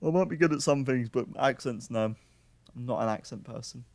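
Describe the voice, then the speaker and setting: A man's voice: medium pitch, brisk, gravelly, darkish tone, no room sound. A young man casting a live esports match, calling the play and chatting in joking asides. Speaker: esports caster.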